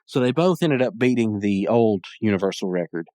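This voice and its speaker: A man hosting a podcast and recapping a cartoon episode in a loose, chatty ramble, often restarting his sentences. His voice is on the low side. It is recorded close and dry, with no room echo. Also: animated, a little fast, dark tone. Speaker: podcast host.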